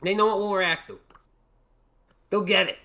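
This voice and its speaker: A man's voice: high-pitched, fairly even intonation, normal speed, bright, forceful tone. A man hosting a casual sports talk show, rambling and bantering with sarcasm. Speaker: host.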